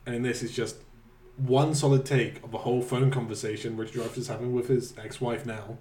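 A man's voice: medium pitch, level tone, brisk, dark tone, far from the mic, slight background noise. A man discussing film technique on a casual podcast, thoughtful and analytical. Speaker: podcast co-host. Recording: roomy sound from off mic.

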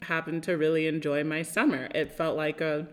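A woman co-hosting a podcast, with an accent that blends American Southern and Jamaican, laid-back and quick to laugh. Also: sits low, level tone. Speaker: podcast co-host. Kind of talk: casual chat.

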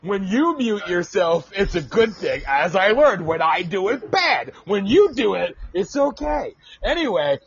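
A man's voice: sits high, very animated, unhurried, hardly any pauses. A man hosting an online talk-radio show, rambling, profane and self-mocking. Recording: lo-fi with music behind.

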